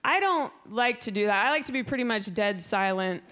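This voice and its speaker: A young woman doing stand-up on a club stage, her voice high and her delivery dry. She keeps jumping into shrill, loud put-on voices, and the live recording has clear noise underneath. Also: expressive, brisk. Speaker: stand-up comedian. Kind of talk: stand-up comedy set. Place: comedy club stage with a laughing audience.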